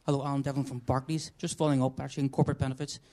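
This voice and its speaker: Fast, flat-voiced male analyst. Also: mid-range voice. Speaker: financial analyst. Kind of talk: asking a question at a results briefing.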